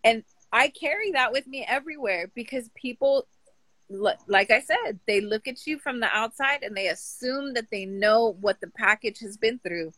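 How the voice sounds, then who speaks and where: A woman's voice: a little high, moderate pace, fairly bright tone, dry recording, low-quality recording. A woman telling a candid personal story in a casual group chat. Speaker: podcast guest, mother.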